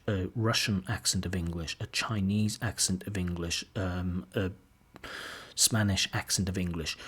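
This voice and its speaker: A man teaching an exam speaking lesson in a relaxed, self-deprecating way, modelling example sentences. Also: medium pitch, breathy edge. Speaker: IELTS examiner and teacher. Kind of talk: casual video lesson.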